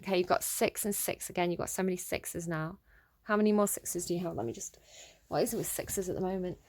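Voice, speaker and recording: A woman giving a casual tarot reading, thinking aloud with many ums and restarts and growing excited over the cards. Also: fairly low pitch, quick pace, no room sound. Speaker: tarot reader.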